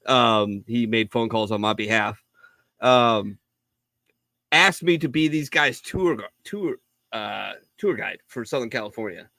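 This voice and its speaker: A middle-aged man with a bright, forceful voice tells a long, profane anecdote in a rambling way, jumping into the voices of the people in it. The sound is dry and close, with no room echo. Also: lowish voice. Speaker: podcast co-host. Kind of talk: casual storytelling on a live show.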